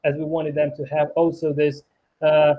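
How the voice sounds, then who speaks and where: A man from Ukraine speaking English in a casual chat, halting with many restarts and fillers. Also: a little high, monotone, dull audio. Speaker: programmer and YouTuber. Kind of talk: casual conversation.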